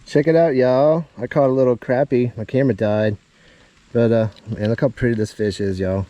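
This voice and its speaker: Excited man fishing a creek. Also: medium pitch, normal speed, slight background noise. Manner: excited, drawling exclamations to viewers. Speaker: fishing vlogger. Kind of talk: casual outdoor commentary.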